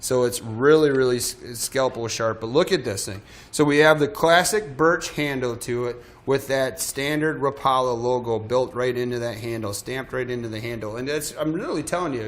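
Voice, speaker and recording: A man hosting a live shopping show, talking in a chatty, self-deprecating way and often stumbling over his words. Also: medium pitch. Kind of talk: live sales pitch.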